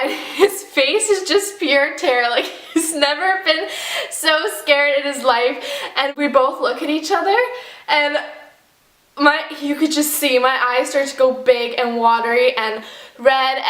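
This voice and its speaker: A young woman with a high, bright voice tells a storytime vlog. She is animated and dramatic and acts out each quote. The room gives a clear echo. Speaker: vlogger.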